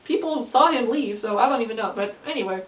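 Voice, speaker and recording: Casting: teen girl vlogger, slightly high voice, rambling and giggly, recorded far from the mic in a roomy space. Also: animated, fast talker, a little hiss or hum. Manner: rambling, many fillers, laughs often. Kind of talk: casual storytelling to camera. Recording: echoey room, distant from mic.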